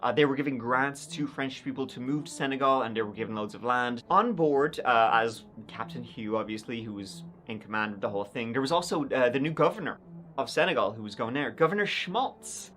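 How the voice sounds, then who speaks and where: A man's voice: medium pitch, expressive, a little fast, a bit bright. A man narrating history in a casual, conversational storytelling style with wry, sardonic asides.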